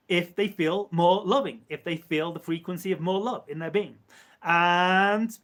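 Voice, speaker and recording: A man with a slightly high voice channels an entity live. He speaks as "we" in slow, measured phrases and repeats words for emphasis. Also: fairly bright tone. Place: live stream.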